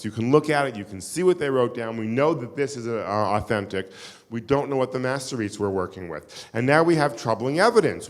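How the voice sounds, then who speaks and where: A man giving a live keynote lecture to an audience, engaging and quizzing the room with wry asides. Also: mid-range voice. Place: synagogue hall with live audience. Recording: long hall reverb.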